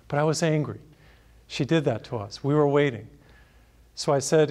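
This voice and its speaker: A man's voice: mid-range voice, moderate pace, a little mellow. A man, a priest, preaching a sermon through a personal anecdote, storytelling animatedly and laughing at himself.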